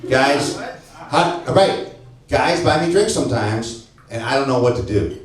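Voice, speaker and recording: A man's voice: medium pitch, animated, unhurried, distant mic. A man from St. Louis doing a brash, profane stand-up set, teasing people in the crowd. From St. Louis, Missouri. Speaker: stand-up comedian. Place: comedy club stage before a laughing crowd. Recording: echoey club recording, mic heard from afar.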